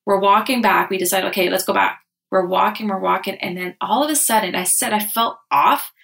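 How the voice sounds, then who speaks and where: A woman's voice: mid-range voice, a little fast, creaky, a bit bright. Chatty woman co-host telling stories. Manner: chatty storyteller, many "like"s. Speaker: podcast co-host. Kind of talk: casual chat.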